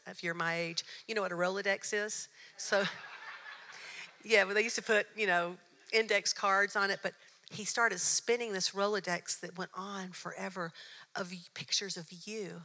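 Bright-voiced woman preaching in a reverberant hall. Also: mid-range voice. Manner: storytelling, shifts between hushed and excited. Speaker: church speaker. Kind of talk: sermon with personal stories.

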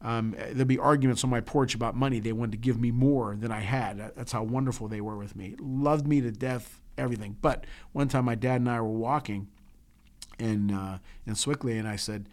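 A man co-hosting a casual chat podcast, telling a heartfelt family story with halting restarts and an emotional edge. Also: mid-range voice, vocal fry, a little mellow. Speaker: podcast co-host.

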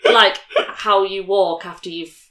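A young British woman in casual conversation, telling stories in a chatty, lively way with lots of fillers. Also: medium pitch, a little slow. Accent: British English. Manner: chatty, animated storytelling with many fillers. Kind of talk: casual chat. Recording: roomy echo.

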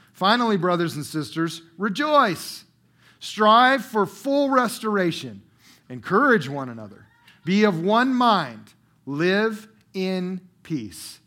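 A middle-aged man preaching a sermon to a congregation, swinging from loud emphatic bursts to quiet drawn-out phrases. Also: high-pitched. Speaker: pastor. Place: church room before a congregation.

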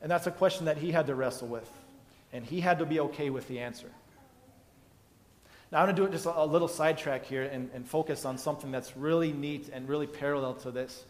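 A man's voice: on the high side, fast. Man preaching in a reverberant church. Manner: conversational preaching, acts out biblical dialogue. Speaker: pastor. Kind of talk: sermon.

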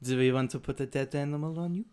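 A man's voice: medium pitch, steady tone, quick pace, darkish tone, clean tone, close to an everyday voice. A man voicing a flamboyant, fussy French male shopkeeper in a put-on French accent for a tabletop game. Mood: attentive. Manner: theatrical, courtly.

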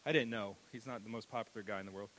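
A man preaching a sermon, animated and repetitive, acting out stories in voices. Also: lowish voice, racing, a little hiss or hum. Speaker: pastor. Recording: long reverb of a large hall.

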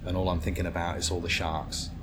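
A man telling a lively anecdote in casual talk, swearing freely and acting out what others said. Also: sits low, quick pace, very noisy. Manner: animated, swearing, acts out others' lines. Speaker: storyteller guest.

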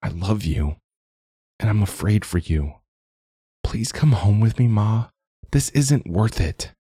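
A man voicing a frightened adult daughter who pleads with her mother, raising his voice higher for her. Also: lively intonation, takes it slowly, warm tone, husky, dry recording, studio quality, heavily acted. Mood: pleading. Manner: pleading, fearful.

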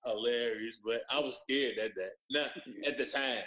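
A man telling lively stories from his playing days in casual chat, acting out what others said. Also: mid-range voice, normal speed, echoey room, rough recording. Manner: animated storyteller, acts out others' lines. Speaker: former pro basketball player guest. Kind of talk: casual storytelling on a podcast.

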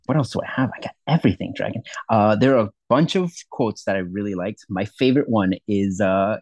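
A man co-hosting a podcast in casual chat, rambling and swearing, with sudden excited loud bursts. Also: on the low side, a little fast, hardly any pauses, dry recording. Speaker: podcast co-host.

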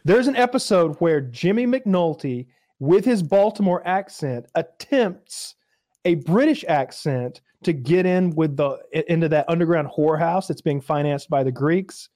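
A man's voice: fairly high pitch, lively intonation, unhurried, warm tone, no echo, studio quality. A man co-hosting a casual podcast chat, making his points emphatically and repeating them. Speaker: podcast co-host.

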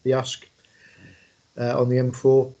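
A man's voice: medium pitch, monotone, unhurried, warm tone, muffled recording. A man hosting a podcast, introducing a guest in a rambling way, full of fillers. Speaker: podcast host. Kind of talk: casual podcast interview.

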